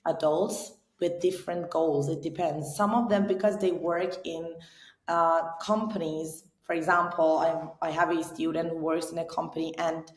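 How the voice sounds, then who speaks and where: A woman's voice: low voice, fairly even intonation, normal speed. Persian-accented woman in an echoey room. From Iran. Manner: earnest, repeats and restarts words while searching. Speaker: English teacher, guest. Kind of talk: casual interview answers. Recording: roomy echo.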